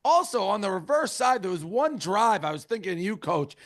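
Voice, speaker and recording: A man's voice: sits high, sing-song, fairly quick, fairly bright tone. A man hosting a casual sports talk show, loose and chatty as he hands off to callers. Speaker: host.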